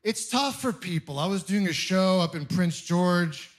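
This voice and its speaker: High-voiced man doing stand-up comedy. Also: unhurried. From Ontario, Canada. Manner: animated storytelling, playful and self-mocking. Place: comedy club stage with laughing audience.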